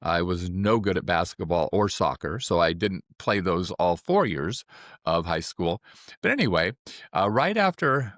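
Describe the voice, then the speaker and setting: Older man, 70s, low voice, dry close mic, relaxed anecdotal storytelling. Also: measured pace, no room sound. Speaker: acupuncturist. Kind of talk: personal storytelling.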